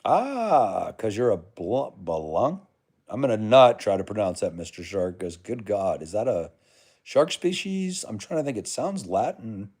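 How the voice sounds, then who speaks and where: Reading comments on his casual livestream, an American man talks with viewers in a chummy, rambling style, calling them brother and man. His voice is lowish, a little mellow and husky, very animated yet unhurried.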